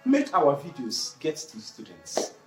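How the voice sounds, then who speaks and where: An English teacher explains grammar with a lively, swooping pitch and repeats the key words. The teacher asks questions and answers them. The voice sounds roomy and echoey, with faint music underneath. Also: slow pace. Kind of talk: online grammar lesson.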